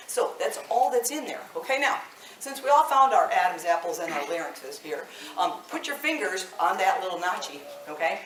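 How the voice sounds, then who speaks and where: A woman in her fifties, a voice teacher leading a live vocal workshop, chatty and animated, laughing often. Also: on the low side, normal speed, a little hiss or hum. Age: 50s. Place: indoor workshop room. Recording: echoey room, mic at a distance.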